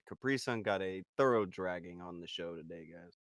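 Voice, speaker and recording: A man's voice: deep voice, brisk, hardly any pauses, dry recording, studio quality. A man co-hosting a casual live stream, teasing the others and reading chat aloud. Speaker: co-host.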